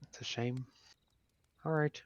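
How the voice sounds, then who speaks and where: A man's voice: mid-range voice, fairly even intonation, takes it slowly, background noise. A man playing a tabletop game, casual and joking. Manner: playful, joking. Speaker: player. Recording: dull dry close sound.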